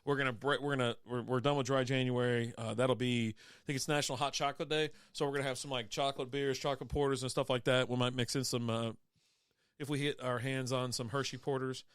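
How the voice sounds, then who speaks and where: A man's voice: mid-range voice, little pitch movement, quick pace, clean tone, no echo, clean studio sound. A man co-hosting a casual beer podcast, blunt and teasing, swearing freely as he ribs his friend. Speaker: podcast co-host.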